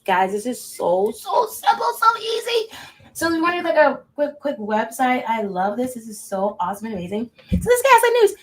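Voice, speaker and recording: A woman hosting a casual livestream, rambling and chatting directly to her viewers, swinging between loud bursts and muttered asides. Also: mid-range voice. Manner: rambling, chatty, talks straight to chat viewers. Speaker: livestream host.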